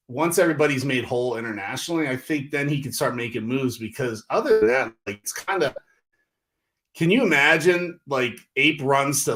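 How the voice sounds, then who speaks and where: A man talks casually on a livestream. His voice sits at a middle pitch and rises sharply when he gets worked up. He is animated and exasperated, and his talk is full of "like" and "you know.". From Northeastern US. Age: 40s. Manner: animated, exasperated, lots of fillers. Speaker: livestream host.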